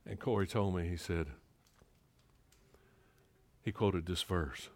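A middle-aged man preaching a sermon, moving between emphatic rising passages and quiet, hushed storytelling. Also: deep voice, fairly even intonation, slow. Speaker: pastor.

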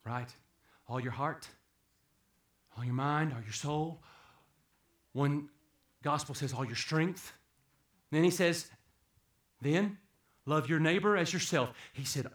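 A man preaching a sermon, swinging from hushed, low passages to loud, emphatic peaks. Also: slow, long pauses, echoey room. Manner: dramatic swings from hushed to shouting.

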